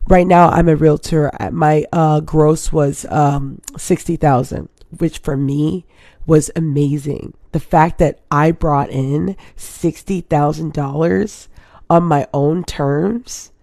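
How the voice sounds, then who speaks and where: Hosting a laid-back live stream, this Hawaiian woman in her thirties rambles chattily and addresses her viewers again and again. Her voice sits low with vocal fry and a dark tone, recorded cleanly in a studio without echo.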